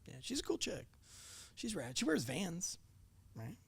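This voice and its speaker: A man's voice: high voice, wildly swooping pitch, measured pace, creaky, husky, dry recording. A man in his forties, a former police officer, telling casual anecdotes as a podcast guest, acting out quoted dialogue and swearing freely. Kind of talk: casual storytelling chat.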